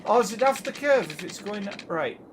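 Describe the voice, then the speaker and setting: A man's voice: high-pitched, expressive, normal speed. Man, Geordie accent, game streamer, constant swearing, exasperated, noisy recording. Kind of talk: live gameplay commentary.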